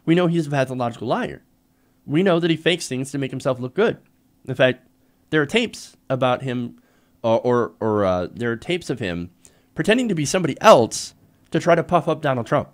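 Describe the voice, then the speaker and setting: A man hosting a live political commentary show, sarcastic and emphatic, laughing at his own jabs. His voice sits on the high side and swings widely in pitch. He talks in bursts of scorn and mock disbelief. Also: sing-song, normal speed. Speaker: host.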